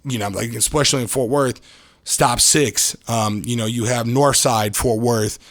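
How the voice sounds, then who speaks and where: A man's voice: mid-range voice, steady tone, moderate pace, fairly bright tone, dry recording. Laid-back slangy man, dry sound. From Detroit, Michigan. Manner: loose, slangy, restarts often. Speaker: podcast guest. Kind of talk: casual storytelling interview.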